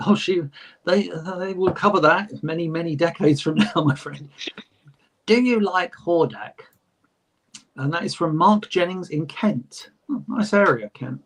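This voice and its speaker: A man's voice: fairly high pitch, moderate pace, husky. A man co-hosting a podcast, chatting casually and reading fan letters aloud with jokey asides and frequent laughs. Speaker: podcast co-host.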